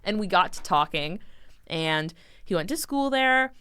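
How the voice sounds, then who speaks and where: Her mid-range voice is smooth and measured, with no echo on the close-miked track. The speaker, a young adult podcast co-host, chats casually and tells stories animatedly, acting out what people said.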